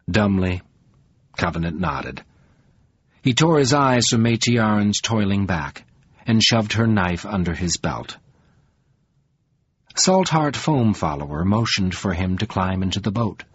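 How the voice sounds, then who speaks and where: A man narrating an audiobook in a measured, deliberate reading. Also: lowish voice, animated, slightly rough. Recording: dull, lo-fi sound.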